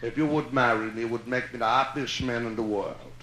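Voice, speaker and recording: A man voicing a courtly, shy old Jewish widower in his sixties, with a Yiddish-inflected dialect and slow, formal phrasing. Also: mid-range voice, fairly even intonation, a bit bright, a little hiss or hum, voice pushed down, close to an everyday voice. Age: over 60. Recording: echoey live room on old vinyl.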